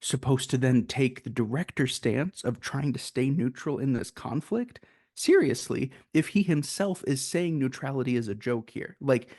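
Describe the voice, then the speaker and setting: A man's voice: mid-range voice, normal speed, a little mellow, dry recording, clean studio sound. A man co-hosting a casual film review, making earnest points with rhetorical questions. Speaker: podcast co-host.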